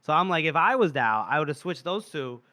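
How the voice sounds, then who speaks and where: A man's voice: a little high, very animated, brisk, bright, forceful tone, no room sound, clean studio sound. A man co-hosting a podcast, casually recapping and debating book scenes with easy laughter. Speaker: podcast co-host.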